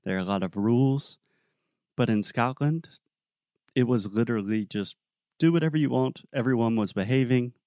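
A young adult man co-hosting a podcast, telling a story in a relaxed, casual way with plenty of fillers. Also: medium pitch, moderate pace, no echo, clean studio sound. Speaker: podcast co-host.

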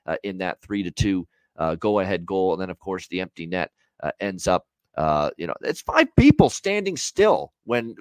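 A man's voice: lowish voice, dry recording. A man co-hosting a hockey betting podcast, ranting bluntly with profanity and emphatic repetition. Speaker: co-host of a hockey betting show. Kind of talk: heated podcast commentary.

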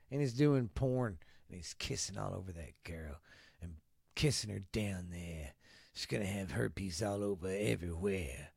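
A man's voice: medium pitch, no echo, clean studio sound. A man hosting a casual solo podcast, talking in a loose, profane, rambling way and slipping into a mock tough-guy ad voice. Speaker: podcast host.

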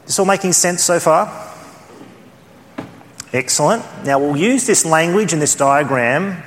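A man with an Australian accent leading a church training session, talking in an animated, conversational way with sudden rises in pitch. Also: measured pace, a little hiss or hum. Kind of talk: teaching session. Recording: reverberant hall.

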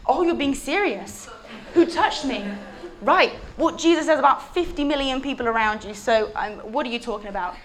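A woman's voice: high-pitched, expressive, moderate pace, poor audio. A woman voicing puzzled, slangy men who sound casual and incredulous. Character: puzzled, slangy male followers, teasing.

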